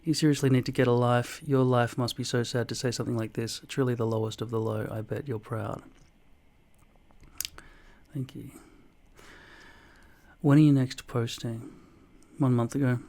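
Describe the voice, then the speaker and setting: A man in his forties reading out viewer comments and answering them in a dry, deadpan way, with plenty of swearing. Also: medium pitch, normal speed, long pauses. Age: 40s. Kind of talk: casual comment-reply vlog.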